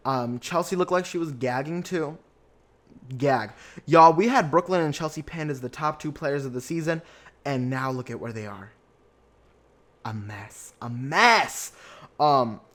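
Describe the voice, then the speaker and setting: A young man hosting a podcast, recapping reality TV in a chatty, animated way and acting out his own reactions. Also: fairly high pitch. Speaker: podcast host.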